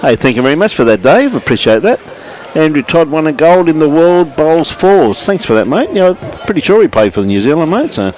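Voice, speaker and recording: A man's voice: on the high side, very animated, brisk, hardly any pauses, a little mellow. An Australian man giving live lawn bowls commentary at the club, chatty, greeting viewers by name and calling everyone mate.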